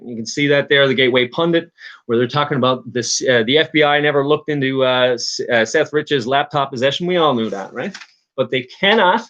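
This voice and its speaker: A man's voice: medium pitch, fairly bright tone, dull audio. Rambling Newfoundland man on a livestream. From Newfoundland, Canada. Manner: rambling, frequent restarts and fillers, talks to chat. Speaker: livestream host. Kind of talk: casual livestream commentary.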